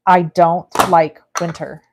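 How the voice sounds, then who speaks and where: There's background noise as this woman, a card-making livestream host from California, works and muses aloud while going through viewer comments. She takes it slowly, her fairly low voice showing little pitch movement.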